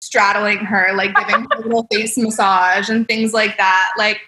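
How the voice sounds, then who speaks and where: A woman's voice: medium pitch, level tone, moderate pace, pushed and bright. A young woman, a makeup artist, telling stories in casual podcast chat, bubbly and laughing often, full of "like". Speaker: celebrity makeup artist guest. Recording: roomy echo.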